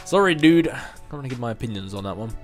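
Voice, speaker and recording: A man's voice: mid-range voice, lively intonation, rapid-fire, faint music behind. A man in his twenties answering viewer questions in a casual chat, rambling, self-mocking and chuckling often. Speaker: gaming video host answering viewer questions.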